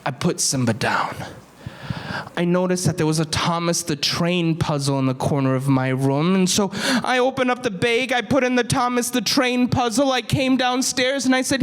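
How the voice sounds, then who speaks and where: A man telling a story to children, dramatic, swinging between loud bursts and hushed whispers. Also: sits high, animated, moderate pace. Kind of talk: animated storytelling for kids.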